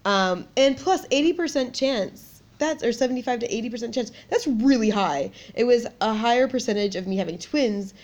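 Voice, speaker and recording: A woman in her thirties co-hosting a podcast, telling a personal story in a lively way and laughing often. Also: on the high side, normal speed. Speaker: podcast co-host. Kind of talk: casual chat.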